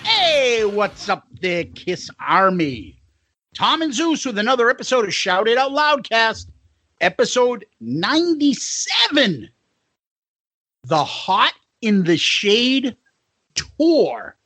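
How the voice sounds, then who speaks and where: Lively, joking male podcast host. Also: extremely high pitch, takes it slowly, husky, no echo. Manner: loose, joking, swears casually. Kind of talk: casual podcast chat.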